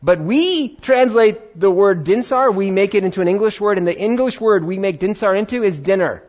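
A man's voice: high-pitched, normal speed. Pastor guy giving a sermon, chatty with playful asides, kinda muffled lo-fi audio. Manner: conversational, animated, playful asides. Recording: dull lo-fi sound.

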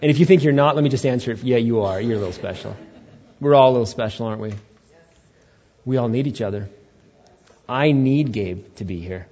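A man's voice: medium pitch, fairly quick, long pauses, dark tone, slightly rough. A male pastor giving a conversational sermon to his church, with joking asides to the congregation. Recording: dull lo-fi recording.

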